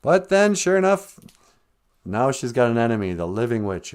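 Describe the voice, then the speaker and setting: Male live-stream storyteller, casual and animated, very expressive pitch. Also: normal speed, clear, resonant tone. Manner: animated and casual, humming and singing snatches.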